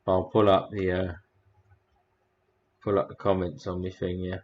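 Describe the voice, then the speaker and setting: Rambling low-voiced livestream host. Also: male voice, monotone, normal speed, lo-fi sound, a little hiss or hum. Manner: rambling, crude, reads out chat comments. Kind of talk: casual livestream chat.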